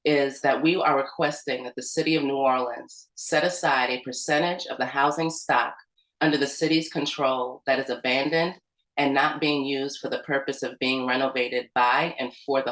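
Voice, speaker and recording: A woman's voice: rumbling low, fairly bright tone. Woman, community organizer, casual storytelling, fillers, echoey room. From United States. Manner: conversational, with fillers like "like" and "um". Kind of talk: storytelling talk at an organizing meeting.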